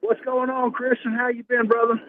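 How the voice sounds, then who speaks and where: A man in his forties calling into a radio show from his car on the highway, friendly and rambling. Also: monotone, fairly quick. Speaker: caller. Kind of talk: casual phone call. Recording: tinny phone line with road noise.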